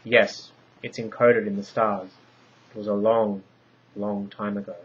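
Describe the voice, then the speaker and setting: A man doing a solemn female oracle who speaks her prophecies in a low, measured voice. It's a storybook reading heard through dull, lo-fi sound. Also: flat delivery, slightly rough. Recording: dull lo-fi recording.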